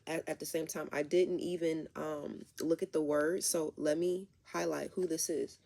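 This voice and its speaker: A woman's voice: sits low, steady tone, normal speed, creaky, hardly any pauses, dark tone. A woman doing a casual tarot reading who rambles and talks straight to her viewers. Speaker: tarot reader.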